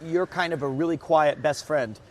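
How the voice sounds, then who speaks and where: A man with a slightly high voice hosts a casual travel stream. He talks upbeat and chatty to his viewers. He sounds lively and friendly throughout. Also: moderate pace, slight background noise. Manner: chatty, upbeat, reads aloud to chat. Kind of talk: casual travel vlog chat.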